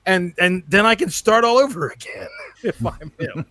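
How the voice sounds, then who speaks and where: Animated, joking man co-hosting. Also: sits high, normal speed. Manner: joking, profane, laughs often. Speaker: podcast co-host. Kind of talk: casual sports chat.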